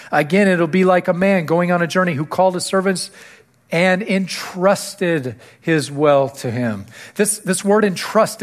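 A male pastor delivering a sermon to his church, repeating key phrases and lifting his voice to stress them. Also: sits high. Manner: preaching with rising emphasis on key phrases.

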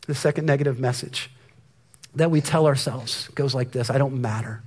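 A man's voice: medium pitch, moderate pace. A middle-aged man giving a sermon, telling a story about his son and at times dropping to a near whisper for emphasis. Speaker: pastor.

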